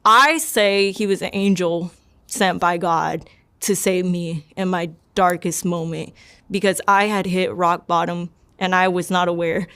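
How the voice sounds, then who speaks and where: A woman's voice: on the low side, steady tone, unhurried, a bit bright, clear, resonant tone. A young woman telling her personal testimony in a casual, rambling way, full of "like" and repeated words. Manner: rambling, many likes and repeats. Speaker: guest sharing her testimony.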